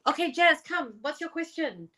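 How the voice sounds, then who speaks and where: A woman's voice: sits high, animated, moderate pace, noisy background. A young woman reading tarot on a live stream, chatting casually and slangily with viewers and swearing now and then.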